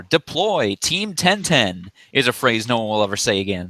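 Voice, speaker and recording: Man, podcast co-host, bright edgy tone, matter-of-fact, close dry mic. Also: medium pitch, expressive, normal speed, no echo. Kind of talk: casual chat, introducing episodes.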